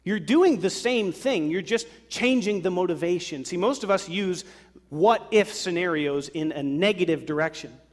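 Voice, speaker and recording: A man preaching a sermon to a congregation, lively and acting out worried voices. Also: high-pitched, moderate pace. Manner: animated, acts out worried voices. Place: church sanctuary. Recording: long hall reverb.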